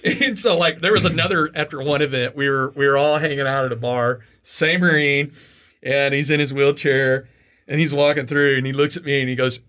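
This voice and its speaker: Laughing, animated male podcast host. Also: medium pitch, fairly quick. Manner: animated, laughs through stories, swears casually. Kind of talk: casual storytelling interview.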